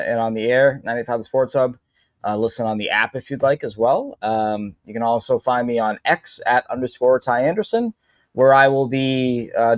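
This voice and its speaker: A man who works in sports radio, talking hockey in a lively, fast, casual way. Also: medium pitch, no room sound, studio quality. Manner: animated, fast storytelling with repeats.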